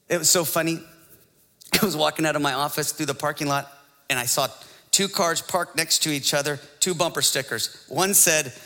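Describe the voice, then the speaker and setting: Man, pastor, casual joking sermon, a bit higher than average, reverberant room. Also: pushed and bright. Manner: joking, conversational preaching with frequent laughs.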